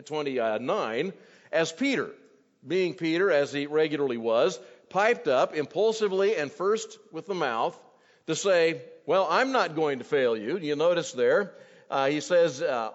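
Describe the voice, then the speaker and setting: A man's voice: a little high, lively intonation, measured pace. A man preaching an earnest expository sermon to his congregation, his voice rising when he quotes scripture. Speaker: pastor. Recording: dull, long hall reverb.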